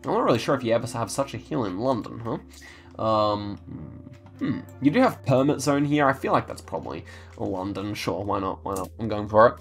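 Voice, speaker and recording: A man's voice: on the low side, big pitch swings, brisk, faint music behind. A man hosting a gaming channel, giving chatty think-aloud commentary on his gameplay and talking straight to his viewers.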